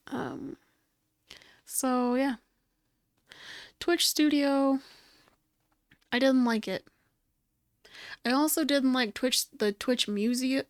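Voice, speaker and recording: A woman's voice: mid-range voice, dry recording, clean studio sound. A woman streamer chatting casually while crafting, rambling and searching for words, with playful sound effects.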